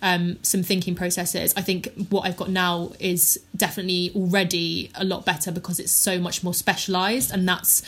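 Woman, twenties, chatty and blunt, swears a lot, upbeat even on heavy stuff. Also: lowish voice, normal speed, hardly any pauses, husky. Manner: frank, upbeat, swears casually, many fillers. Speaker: podcast guest. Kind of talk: candid conversational storytelling.

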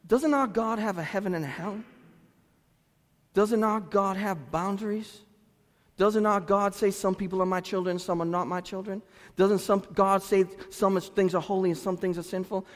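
A man preaching a sermon as pastor, earnest and conversational, moving between loud exhortation and quiet, confessional talk. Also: a little high, moderate pace, big-room sound. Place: church sanctuary.

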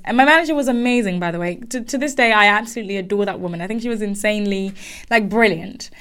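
A woman's voice: a little high, rapid-fire. A young adult woman coaching listeners on careers, telling a personal story with emphatic repetition. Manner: animated storytelling, frequent restarts and emphatic repetition. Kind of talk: advice monologue with personal story.

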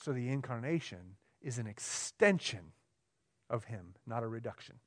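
A pastor preaching a sermon, swinging between emphatic, raised lines and quiet, low ones, often checking in with the congregation. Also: male voice, lively intonation, moderate pace. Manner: asks the room questions, conversational.

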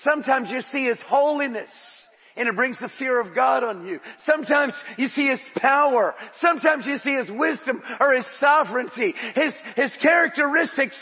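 A male pastor preaching an impassioned sermon that rises to shouts. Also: extremely high pitch, moderate pace, breathy edge, big-room sound, dull audio. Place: church sanctuary.

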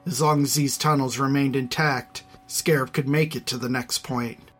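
Measured audiobook narrator over faint music. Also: mid-range voice, breathy edge. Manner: measured, even storytelling. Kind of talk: scripted narration.

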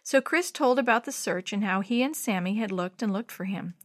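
A woman's voice: mid-range voice, animated, fairly quick. A woman reading a children's chapter book aloud in a scripted narration, lifting her voice for the dialogue. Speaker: storybook reader.

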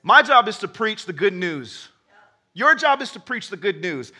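A man preaching a sermon as pastor, telling a story with lively acted-out voices and frequent restarts. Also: high-pitched, normal speed. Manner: animated storytelling, acts out characters, laughs with the crowd; stammers when starting sentences.

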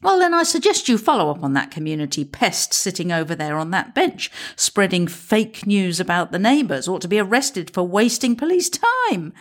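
A woman voicing a feisty, sarcastic old woman, shrill and bossy. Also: very animated, moderate pace, few pauses, natural voice. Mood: scolding. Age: older.

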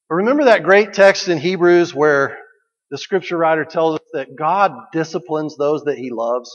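A man's voice: on the high side, normal speed. A man preaching a sermon in a conversational way, asking the listeners questions and repeating key phrases. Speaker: pastor. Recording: dull recording with long hall reverb.

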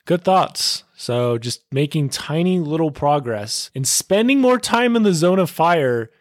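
Excitable young man, dry close sound. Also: fairly high pitch, measured pace, no echo. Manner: excitable, upbeat, full of filler words and "dude". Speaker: podcast host. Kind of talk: casual solo podcast monologue.

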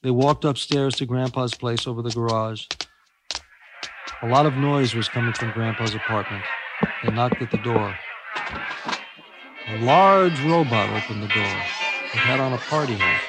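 An older man reading his own children's book aloud, with expressive storytelling. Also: medium pitch, normal speed, long pauses. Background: music.

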